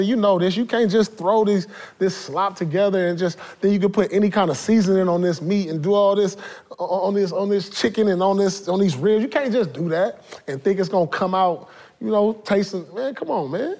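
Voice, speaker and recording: A man in his forties co-hosting a casual sports talk show, animated and teasing, repeating himself for emphasis. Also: sits high, moderate pace. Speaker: podcast co-host.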